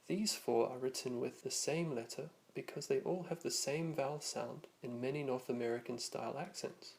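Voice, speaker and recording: A man teaching a lesson, narrating from a script and slowly demonstrating vowel sounds. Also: mid-range voice, vocal fry, a little mellow.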